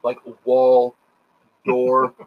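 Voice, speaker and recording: A middle-aged man telling rambling, profane stories in a casual chat, animated and full of quoted voices. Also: mid-range voice, extremely slow. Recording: dull lo-fi sound.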